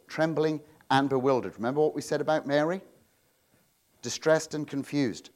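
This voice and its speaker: A man preaching a sermon, swinging between loud proclamations and quiet asides, often repeating and restarting words. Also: medium pitch, fairly quick. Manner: self-interrupting, repeats words. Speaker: pastor.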